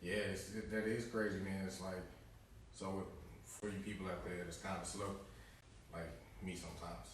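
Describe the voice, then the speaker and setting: Deep-voiced laid-back man on a podcast. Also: little pitch movement, moderate pace. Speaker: podcast co-host. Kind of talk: casual chat. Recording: echoey room, distant mic, audible noise.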